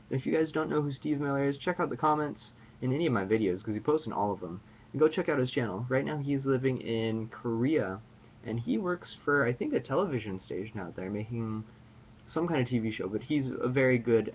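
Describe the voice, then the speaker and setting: A man's voice: mid-range voice, highs cut off, a little hiss or hum. A man chatting casually to his viewers in a playful, jokey, rambling way. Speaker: vlogger. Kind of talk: casual chat to camera.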